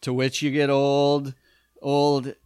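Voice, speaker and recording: A man with a smooth, resonant voice rambles through an episode recap. He talks casually, swears freely and loses his thread at times. The recording is dry and close. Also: mid-range voice, completely flat delivery, slow pace, a little mellow, dry recording. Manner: rambling, swears casually, many fillers and restarts. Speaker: podcast co-host.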